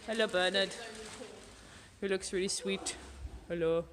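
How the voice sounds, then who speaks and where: A woman's voice: mid-range voice, steady tone, unhurried, long pauses, a bit bright, slight background noise. A woman vlogging casually at a horse yard, chatting fondly to the animals. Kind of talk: casual vlog chat. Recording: background music playing.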